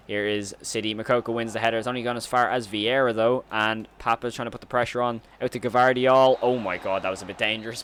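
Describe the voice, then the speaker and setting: A man giving excited play-by-play commentary on his own football video game match, breaking into shouts and squeals when goals go in. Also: fairly low pitch, a little hiss or hum. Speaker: gaming YouTuber.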